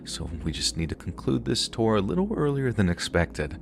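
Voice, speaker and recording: A man voicing a brusque male tour guide's words in a quieter, matter-of-fact tone while narrating a story. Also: lowish voice, sing-song, normal speed, vocal fry, a little hiss or hum, pitched above the performer's own voice.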